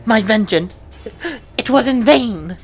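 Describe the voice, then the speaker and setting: A woman's voice: a little high, lively intonation, slow pace, pitched above the performer's own voice. A woman voicing a dying female cat spirit mother in a video game, bitter and proud, with a cough in her voice.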